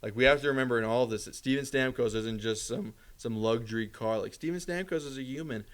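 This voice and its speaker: A man co-hosting a casual sports podcast, talking fast, repeating himself and jumping up in pitch when he gets worked up. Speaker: podcast co-host.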